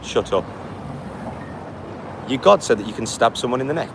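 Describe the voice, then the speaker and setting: A gravelly, mid-range male voice with lively intonation and a moderate pace belongs to a walker who is tired from his long outing. Outdoors by a street, he reads live chat aloud and answers with blunt, scornful comebacks, faint street noise in the background.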